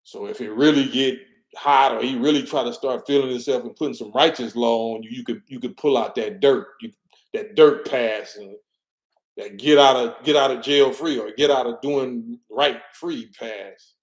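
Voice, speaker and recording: A man's voice: mid-range voice, normal speed. A middle-aged man giving an emphatic, preachy street-talk monologue and repeating his words as he commentates. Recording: roomy echo.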